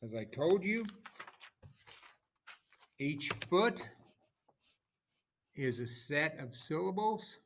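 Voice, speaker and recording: A man teaching a recorded lesson, explaining in a slow, informal way and correcting himself as he goes. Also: a little high, very animated, fairly bright tone, slight background noise. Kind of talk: recorded lecture.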